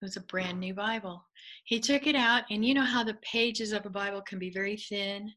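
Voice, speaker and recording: A middle-aged woman, a guest, telling a personal faith story in an animated way, laughing often and acting out what others said. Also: mid-range voice, brisk, poor audio.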